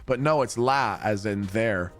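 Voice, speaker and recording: A man's voice: lowish voice, unhurried, a bit bright. Chatty man streaming to chat. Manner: rambling and chatty, with casual swearing. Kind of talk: casual chat with viewers while gaming.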